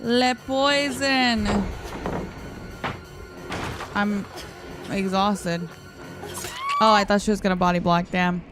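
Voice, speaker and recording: A woman streamer with a hoarse, tired morning voice, chatting and giggling casually while she plays and reads her chat aloud. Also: mid-range voice. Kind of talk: casual gameplay livestream chat. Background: faint background music.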